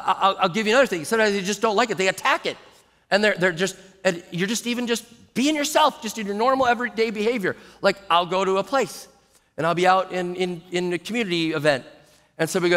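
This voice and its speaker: A middle-aged man preaching a sermon as pastor, animated and acting out the people he quotes in shifting voices. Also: high voice. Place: large church auditorium. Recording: long hall reverb.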